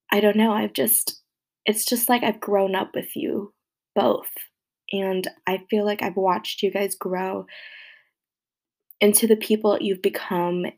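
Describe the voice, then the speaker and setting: Young woman, high voice with lots of vocal fry, slow and rambly, keeps slipping into a near-whisper, casual podcast chat. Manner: halting and rambling, full of fillers. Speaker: friend recording a birthday message.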